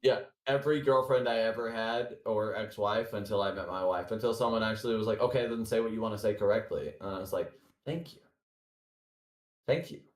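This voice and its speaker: A man talking in a casual podcast chat. He is profane and animated and acts out quotes. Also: lowish voice, quick pace, hardly any pauses. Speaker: podcast host. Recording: roomy echo.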